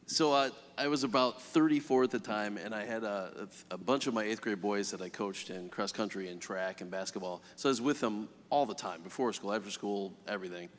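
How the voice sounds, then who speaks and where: A man in his forties who teaches and coaches, telling a story on a church panel in a measured way. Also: on the low side, in a large hall.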